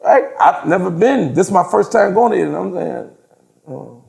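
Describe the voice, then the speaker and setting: A man, a podcast guest telling profane, animated stories and laughing through them. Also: high-pitched, brisk, gravelly. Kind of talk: casual storytelling in an interview.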